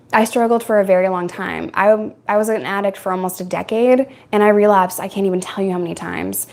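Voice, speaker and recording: A young adult woman from New York, hosting a casual live-stream Q&A and telling stories frankly, with frequent laughs. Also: medium pitch. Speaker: live-stream host answering viewer questions.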